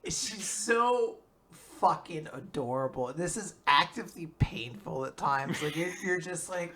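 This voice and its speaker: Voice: medium pitch, animated, unhurried, fairly bright tone, a little hiss or hum. A co-host on a casual manga recap podcast who gushes enthusiastically and swears freely.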